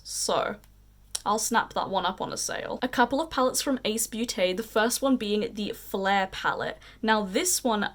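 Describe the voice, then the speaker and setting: A young woman with an unusual mixed accent, chatting casually and gushing about makeup as a beauty vlogger. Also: on the high side. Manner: gushing, chatty, drawn-out emphasis. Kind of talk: casual chat.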